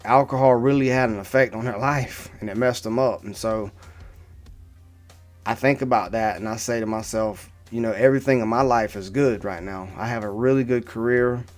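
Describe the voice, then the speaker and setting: A man's voice: medium pitch, moderate pace, faint music behind. A man in his thirties talking casually to camera, rambling through a personal story with many restarts and asides. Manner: rambling, repeats "right?" and restarts. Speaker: vlogger.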